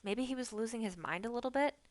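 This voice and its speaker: A woman reading a novel aloud on a live stream, telling the story gently and unhurriedly. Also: a little high, no echo. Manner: gentle, unhurried storytelling, trying on the characters' lines. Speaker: book reader on a live stream.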